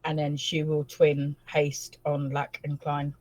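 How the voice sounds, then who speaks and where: A woman's voice: deep voice, completely flat delivery, slow pace, a little mellow, dry recording, low-quality recording. A woman playing a tabletop game, describing her character's actions in third person and reading out rules. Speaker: player.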